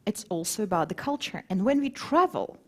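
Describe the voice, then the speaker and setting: Conference speaker: lively woman with a husky edge, engages the crowd with questions. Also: mid-range voice, fairly quick. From grew up between Moscow and Warsaw. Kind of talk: conference talk.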